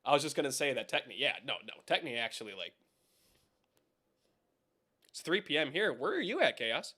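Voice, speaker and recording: A man's voice: mid-range voice, big pitch swings, moderate pace, sharp tone. A young man hosting a casual live stream from home, rambling, swearing and chatting with viewers about keyboards. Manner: rambling, swears, laughs often, talks to chat.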